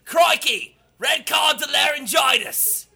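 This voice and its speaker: A boisterous shouting man with an over-the-top mock-Australian accent, put on by a man. He sits far above his normal pitch and bellows each line with a laugh breaking in. The accent is a clumsy send-up. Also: slow, creaky, exaggerated voice. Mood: rowdy. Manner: shouting, exaggerated, laughing through it.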